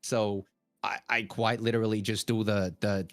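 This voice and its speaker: A man's voice: lowish voice, level tone, moderate pace, soft background music. A man from Australia with a mixed Australian accent, a guest content creator in a casual chat. He is chatty, stammers, restarts a lot and laughs easily.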